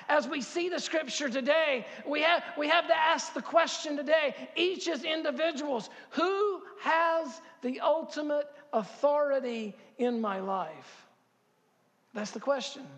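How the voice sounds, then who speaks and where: Fifties male pastor, high-pitched and fervent, sanctuary with long reverb. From Harkers Island, North Carolina. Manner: builds to loud impassioned preaching, repeats words, asks the crowd questions. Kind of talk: sermon. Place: church sanctuary.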